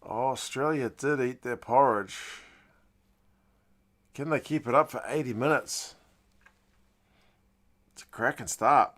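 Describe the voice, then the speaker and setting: Excitable man reacting live to rugby. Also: mid-range voice, takes it slowly, long pauses. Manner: chatty play-by-play that bursts into loud excited shouts and mild swearing. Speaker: host of a live match watch-along. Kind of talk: live sports reaction commentary.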